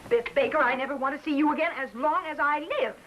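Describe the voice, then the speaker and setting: An actress playing a spirited, exasperated American wife, in 1950s TV drama style. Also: female voice, sits high, fast talker, noisy background, natural voice. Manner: exasperated and lively.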